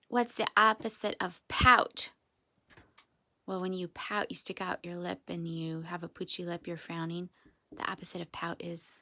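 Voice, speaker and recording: A woman teaching a phonics lesson to young children, slow and sing-song, drawing out each word to encourage them. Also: mid-range voice, vocal fry, pushed and bright. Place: classroom or home with whiteboard.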